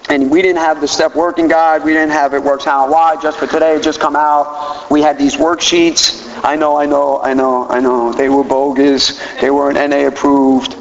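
A man's voice: fairly high pitch, moderate pace, few pauses, a little hiss or hum. Man telling his story in an echoey hall. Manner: animated storytelling with repeated words. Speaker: recovery meeting speaker. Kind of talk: personal recovery story told to a meeting. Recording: echoey hall, dull lo-fi sound.

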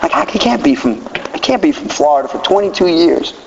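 Man in his 50s, high voice, self-mocking comic storytelling, muffled sound, long hall echo. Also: very animated, brisk, vocal fry, darkish tone, slight background noise. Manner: self-mocking, joking, candid. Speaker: speaker sharing a recovery story. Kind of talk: comic storytelling talk to an audience.

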